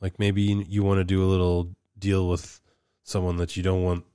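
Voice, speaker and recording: A man's voice: sits low, flat delivery, normal speed, dark tone, clear, resonant tone, no echo, clean studio sound. A man chatting casually as a podcast co-host, pressing and needling to make his point. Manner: persistent, needling, argues a point. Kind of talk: casual chat.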